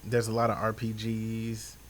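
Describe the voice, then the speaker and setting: A man co-hosting a podcast in casual chat, relaxed and hesitant, with many fillers and restarts. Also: fairly low pitch, measured pace. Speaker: podcast co-host.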